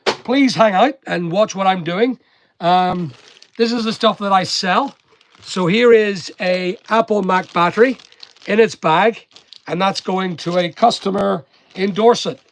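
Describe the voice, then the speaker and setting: A high-voiced man with an accent blending London and Northern Irish speaks at a measured pace on a live stream. An online seller working in his packing room, he chats casually, rambles, and greets viewers by name.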